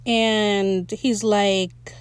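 A woman's voice: medium pitch, drawn-out words, smooth, dry recording. Chatty young woman podcaster, dry close mic. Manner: chatty, excitable, quotes characters in playful voices. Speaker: podcast host. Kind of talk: casual solo recap podcast.

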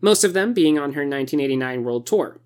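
A woman's voice: sits low, lively intonation, fast talker, a little mellow. A woman co-hosting a casual podcast, playful, reading facts and breaking into squealing cheers. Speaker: podcast co-host.

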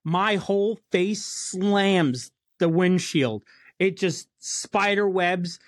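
High-pitched man swapping work stories. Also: slow, no echo. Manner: profane, storytelling, blue-collar banter. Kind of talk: casual chat.

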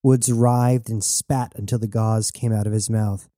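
A man narrating an audiobook in a steady, measured way, recorded close and dry. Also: fairly low pitch, dry recording.

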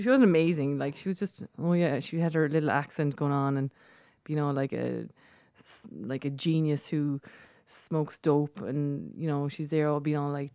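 Irish female co-host, low register, sardonic conversational delivery, dry studio sound. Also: warm tone, clean tone, dry recording. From Ireland. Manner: chatty, sarcastic asides. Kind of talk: casual chat, film review.

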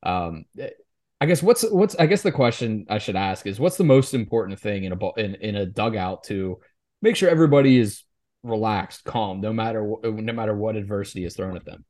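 Halting, low-voiced sports podcast man. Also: expressive, darkish tone. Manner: halting, with many restarts and repeated words. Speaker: co-host of a high school sports podcast. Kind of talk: casual sports chat.

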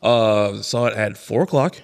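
A man's voice: lowish voice, measured pace, gravelly, smooth. A man co-hosting a podcast, telling a movie story in casual chat, laughing and acting out quotes. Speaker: podcast co-host.

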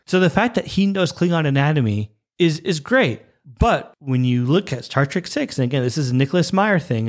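A man giving casual fan commentary, ranting passionately and with exasperation. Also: medium pitch.

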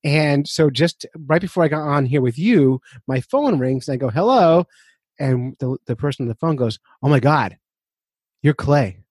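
A man hosting a podcast, chatting casually, laughing often and telling stories with animated energy. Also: mid-range voice, moderate pace, few pauses, slightly rough, no echo. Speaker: podcast host.

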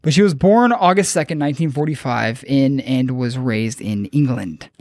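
A man's voice: mid-range voice, moderate pace, a little mellow, dry recording, clean studio sound. A man hosting a podcast, retelling a story in loose, profane, joking chat. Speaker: podcast host.

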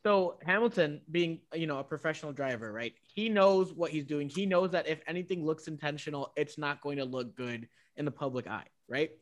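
A man's voice: on the high side, a little fast, few pauses. A man co-hosting a podcast, rambling and playful in casual chat, defending himself with a laugh. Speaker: podcast co-host.

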